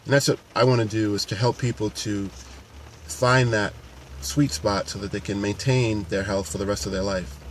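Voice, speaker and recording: Earnest male coach, lower voice, unscripted to-camera talk over faint traffic. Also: steady tone, moderate pace. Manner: earnest, unscripted, many restarts. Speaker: paramedic and fitness coach.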